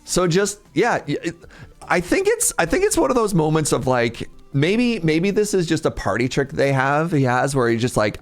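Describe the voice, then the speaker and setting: A man from Canada, streamer in casual live-stream chat, telling an animated story and laughing often. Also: on the high side, measured pace, faint music behind.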